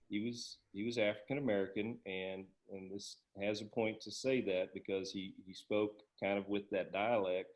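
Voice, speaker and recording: A middle-aged man, a guest on a podcast, telling school anecdotes in a relaxed, casual way. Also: on the low side, dull audio. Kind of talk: casual interview chat.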